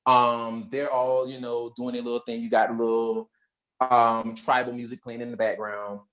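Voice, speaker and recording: A young adult woman co-hosting a podcast, casually retelling a movie plot in slangy, animated storytelling. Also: a bass voice, moderate pace. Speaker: podcast co-host. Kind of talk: casual movie recap chat.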